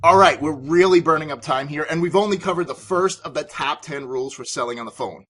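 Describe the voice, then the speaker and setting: A man's voice: a little high, fairly quick, sharp tone. A man hosting a business podcast, giving sales advice in an emphatic, authoritative way. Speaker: podcast host and sales coach.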